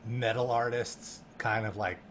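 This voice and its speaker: A man telling a story in a casual chat, animated and laughing, full of fillers and restarts. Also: mid-range voice, unhurried, slight background noise. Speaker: guest.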